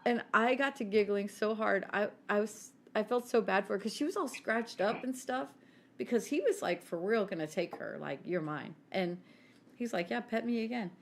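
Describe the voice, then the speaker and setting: A woman co-hosting a podcast, telling a story in an animated, giggly way and acting out the quotes. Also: mid-range voice, normal speed, gravelly. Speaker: podcast co-host. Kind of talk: casual storytelling chat.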